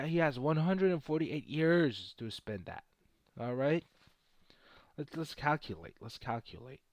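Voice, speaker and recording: A man's voice: a little high, a little mellow, no echo, clean studio sound. A man chatting casually on a live stream while trading stocks, brash and boastful and swearing freely. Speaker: livestream host trading stocks.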